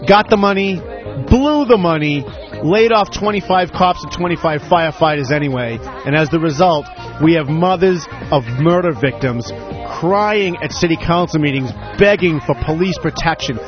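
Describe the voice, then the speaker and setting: A male talk radio host speaks in a high, bright-edged voice, combative and scornful. His commentary is sharp and relentless. The broadcast sound is a little muffled, with faint music underneath. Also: moderate pace. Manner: indignant, combative, mocking.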